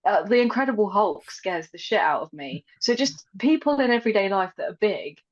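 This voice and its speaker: A woman's voice: medium pitch, expressive, brisk. Giggly woman on a dull line. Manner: giggly, self-deprecating. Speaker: podcast guest. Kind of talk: casual chat.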